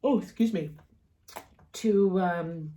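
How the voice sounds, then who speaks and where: A woman's voice: lowish voice, slow pace, dark tone. A woman giving a casual tarot reading, talking in an encouraging, rambling way with many fillers and restarts. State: coughing and yawning at times. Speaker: tarot reader.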